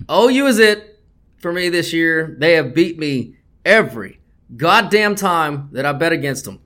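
A man's voice: a little high, lively intonation, unhurried, fairly bright tone. A man hosting a sports betting podcast, talking bluntly and swearing a lot as he gets worked up. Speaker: podcast host.

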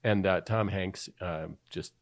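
A man's voice: low-pitched, slow pace. A man co-hosting a podcast, talking casually in a rambling, conversational way. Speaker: podcast co-host.

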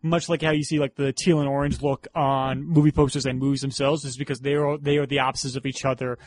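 A man's voice: mid-range voice, flat delivery, fast talker. A man with a New York accent co-hosting a podcast, rambling through film trivia with frequent restarts. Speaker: podcast co-host. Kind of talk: casual film review chat.

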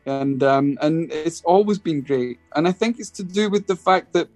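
A man's voice: fairly high pitch, moderate pace, dry recording, faint music behind. Scottish guy telling a story on a radio show, lots of restarts, dry close mic. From Scotland. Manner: hesitant, restarts often, animated storytelling. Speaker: guest musician. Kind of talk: casual interview anecdote.

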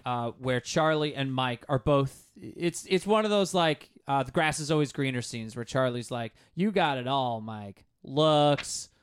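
A man's voice: mid-range voice, smooth. Chatty male podcast host. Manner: animated storyteller, acts out quotes. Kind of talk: casual movie chat.

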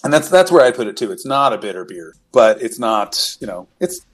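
A man's voice: mid-range voice, big pitch swings, brisk. A middle-aged man hosting a casual podcast chat, explaining things in detail and quizzing his guests. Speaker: podcast host.

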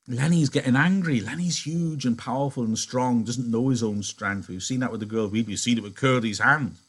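A man's voice: medium pitch, husky. A male teacher explaining a novel in a chatty way, thinking aloud and correcting himself.

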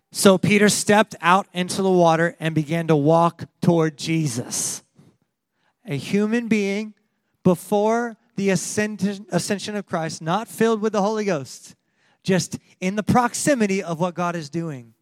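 A man preaching a sermon, animated and laughing often, acting out quotes from the story as he goes. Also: high-pitched, moderate pace, dry recording. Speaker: pastor.

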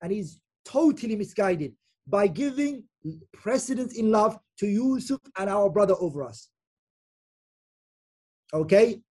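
A man's voice: high voice, expressive, a little slow, long pauses, dark tone. A man as an Islamic teacher giving a Quran commentary lecture. He explains step by step, repeats key phrases for emphasis and keeps checking in with the listeners with "okay?".

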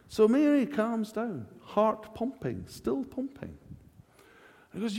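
A man's voice: high voice, unhurried. A man preaching a humorous sermon in a church, with jokey asides. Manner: jokey, animated, self-laughing asides. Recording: long church hall reverb.

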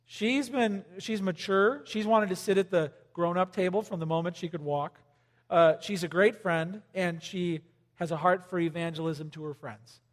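A middle-aged man preaching a sermon as pastor, animated and emphatic, with sudden loud bursts and quiet drops. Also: high voice. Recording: long hall reverb.

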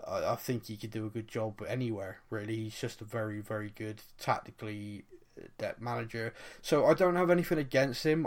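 A man in a relaxed football chat, talking in an easygoing, jokey way. His pitch sits in the middle for a man, and he keeps things light as the host. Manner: chatty, jokey, slips into mock voices. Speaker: podcast host.

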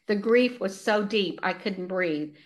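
A woman's voice: mid-range voice, lively intonation, unhurried. Older woman, author, reading her own novel, earnest, emotional, chatty. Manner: earnest, emotional reading; laughs easily in chat.

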